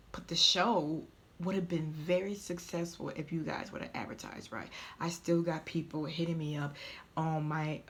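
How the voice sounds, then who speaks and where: A woman telling her own story in a vlog, halting and tearful at times, often dropping to a whisper. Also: low-pitched. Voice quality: often drops to a soft whisper. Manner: halting, tearful, stumbling over words. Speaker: vlogger. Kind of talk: emotional personal vlog.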